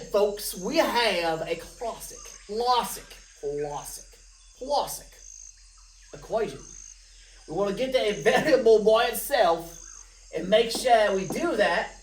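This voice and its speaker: A woman math teacher talks students through test problems with a playful, joking manner. Her voice sits at an ordinary pitch and lands a step away from the microphone. The room adds a noticeable echo around her. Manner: playful, jokey asides to students. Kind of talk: recorded math test review lesson. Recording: roomy, from a distance of the mic.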